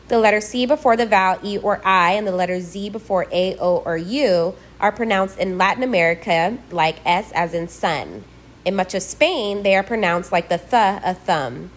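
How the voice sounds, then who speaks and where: Woman calmly teaching pronunciation. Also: medium pitch. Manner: slow, deliberate modelling of sounds. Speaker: language teacher. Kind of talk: scripted pronunciation lesson.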